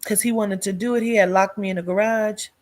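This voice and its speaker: A woman telling her own life story in a casual, animated way, cursing freely and acting out what people said. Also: mid-range voice, brisk. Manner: profane, blunt and animated, acts out quoted speech; addresses listeners directly as "child" and "girl".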